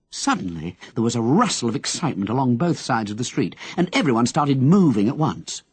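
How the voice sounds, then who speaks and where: A man narrating an audiobook in an expressive storytelling manner. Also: mid-range voice, a little fast, hardly any pauses, slightly rough, dry recording. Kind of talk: scripted narration.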